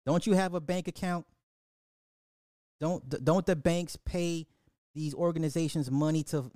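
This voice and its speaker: A man's voice: mid-range voice, dark tone, dry recording. Profane ranting man, dry podcast. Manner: profane, mocking, scolding the listeners. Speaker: podcast host. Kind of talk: ranting social commentary.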